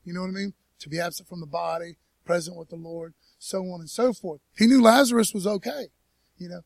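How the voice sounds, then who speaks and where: A man's voice: sits high, a little fast, vocal fry, dry recording. A man preaching a casual, conversational sermon in church, folksy, with lots of "man" and "you know". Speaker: pastor.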